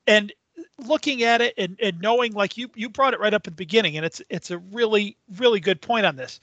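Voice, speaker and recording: High, bright middle-aged man. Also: brisk, no room sound, lo-fi sound. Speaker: podcast co-host. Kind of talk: casual sports chat.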